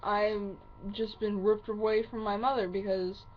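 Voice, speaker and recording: This vlogger, a woman, delivers an angry personal rant to camera, swearing heavily and clearly upset. Her mid-range voice is unhurried with little pitch movement, and the lo-fi recording is muffled with a faint hiss.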